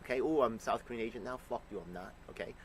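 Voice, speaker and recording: A man angrily reacting to a news clip, ranting and swearing with sudden loud bursts. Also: medium pitch, rapid-fire, a little hiss or hum, poor audio. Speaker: commentator reacting to news clips. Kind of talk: profane reaction commentary.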